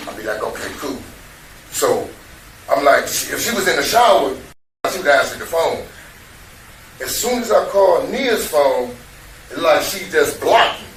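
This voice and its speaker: A man's voice: a little high, big pitch swings, measured pace, pauses often, a bit bright. A man, retelling events to detectives in a profane, streetwise, repetitive way. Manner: profane, streetwise, repeats himself. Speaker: interviewee recounting events to detectives. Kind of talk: emotional casual retelling. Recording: echoey room from a distance, faint noise.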